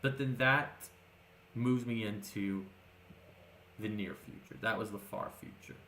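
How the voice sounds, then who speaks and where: A man's voice: fairly low pitch, unhurried, background noise. A man narrating as game master in a tabletop game, rambling with many fillers and restarts. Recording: echoey room with faint music.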